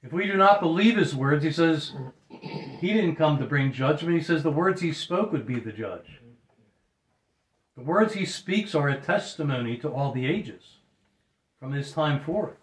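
A man's voice: a little high, lively intonation, measured pace, pauses often. Earnest male preacher in a roomy hall. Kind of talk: sermon.

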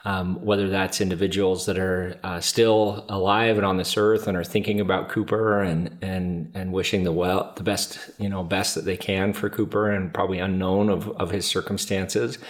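A man co-hosting a podcast, an adoptive father speaking in an earnest, measured way with some repeated words. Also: sits low, flat delivery. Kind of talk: reflective conversation.

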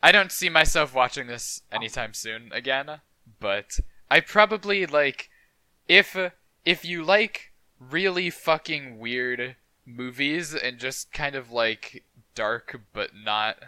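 A man's voice: fairly high pitch, big pitch swings, unhurried, bright, forceful tone, clean tone, no room sound. A young man co-hosting a casual movie podcast, joking and laughing often. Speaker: podcast co-host. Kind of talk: casual chat.

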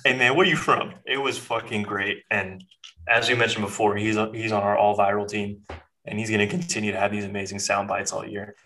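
A man's voice: on the low side, little pitch movement, brisk, a bit bright, rough recording. A man co-hosting a podcast, chatting casually about sports in a laid-back, loose way. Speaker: podcast co-host.

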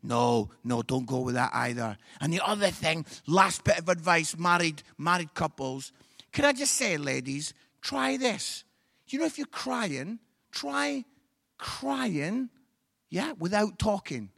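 A middle-aged man delivers a joking sermon in church. His voice sits high and sounds crisp and dry, right up close. He tells comic stories and breaks into sudden shouts. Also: sing-song, measured pace, no echo. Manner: comic storyteller, bursts into shouts. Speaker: preacher. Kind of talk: humorous sermon. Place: church service.

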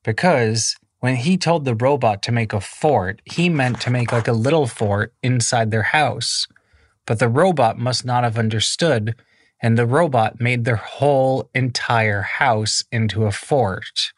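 A man's voice: medium pitch, a little slow, no room sound, clean studio sound. A man improvising a children's bedtime story in a casual, rambling way with many fillers.

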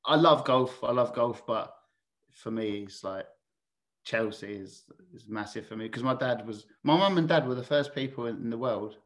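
A man's voice: medium pitch, moderate pace. A man, telling a personal story as a podcast guest in a candid, chatty, sweary way with frequent restarts. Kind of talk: casual anecdotal storytelling.

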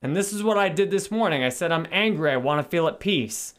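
A man hosting a live stream, calmly talking viewers through self-help steps and greeting them by name. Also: fairly high pitch, brisk. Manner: calm, reflective, greets viewers by name between points. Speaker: live stream host and spiritual teacher.

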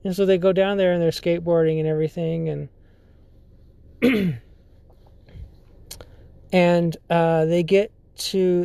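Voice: mid-range voice, dark tone, clear, resonant tone, no echo. A podcast host telling a story casually, hesitant and full of fillers and restarts. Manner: halting, filler-heavy, often restarts sentences.

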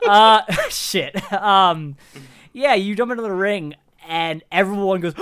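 A game master narrating a tabletop game in a giggly, rambling, animated way. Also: medium pitch, slow pace, clear, resonant tone.

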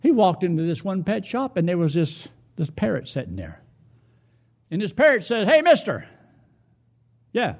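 A man preaching a sermon in a church, moving between folksy stories and pointed questions to his congregation. His slightly high voice rises and falls widely. He often drops to a quiet, low tone for emphasis. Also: sing-song, normal speed.

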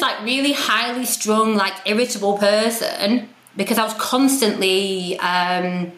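A woman's voice: medium pitch, a bit bright. Frank, swearing woman in a roomy space. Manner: frank, self-deprecating, swears freely. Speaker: podcast guest. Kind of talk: candid conversational storytelling. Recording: roomy echo.

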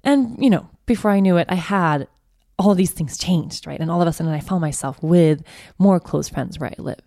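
A woman's voice: deep voice, moderate pace, no echo, studio quality. A woman in her thirties hosting a podcast, telling personal stories in a candid, reflective way with frequent laughs. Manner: candid, laughs often, warm storytelling. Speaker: podcast host.

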